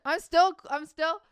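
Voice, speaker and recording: A woman's voice: extremely high pitch, dry recording, studio quality. A young woman live-streaming from home, chatting casually with her chat in a playful, joking way and laughing often. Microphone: streaming mic, with earbuds.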